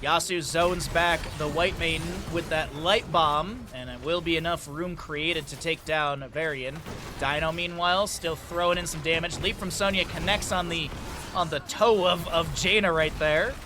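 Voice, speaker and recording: A man casting an esports match solo, excitable on big plays and joking with chat between them. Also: a little high, moderate pace, background noise. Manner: chatty, jokes with viewers between plays. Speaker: esports caster. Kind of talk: solo play-by-play commentary with chat asides.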